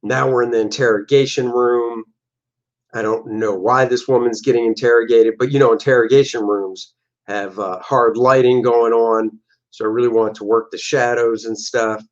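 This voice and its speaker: A man in a middle pitch talks casually through his old comic art on a livestream, joking and acting out his characters' lines in quick bits. The audio sounds a little dull and lo-fi. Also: fairly even intonation. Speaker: comic book artist.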